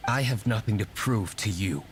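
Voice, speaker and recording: A man's voice: lowish voice, normal speed, slight background noise, lightly acted. An actor playing a brooding young male tavern owner in a video game, speaking curtly with dry sarcasm. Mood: composed.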